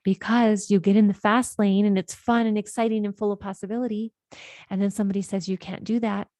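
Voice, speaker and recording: A woman's voice: mid-range voice, flat delivery, quick pace, warm tone, no echo, studio quality. A woman life coach hosting a podcast, explaining ideas in an earnest, conversational monologue and often checking in with "right?".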